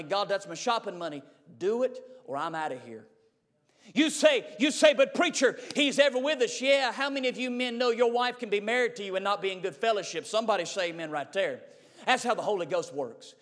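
A man's voice: sits high, a bit bright, in a large hall. A young man preaching a sermon in a folksy storytelling manner, calling his listeners honey.

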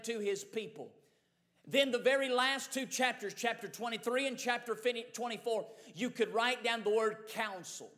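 Male preacher, very high-pitched, rhythmic repetition, fervent Pentecostal delivery in a church sanctuary. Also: pushed and bright. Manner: building to Pentecostal preaching fervor. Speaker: pastor. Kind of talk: sermon. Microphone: mic run through a sound board.

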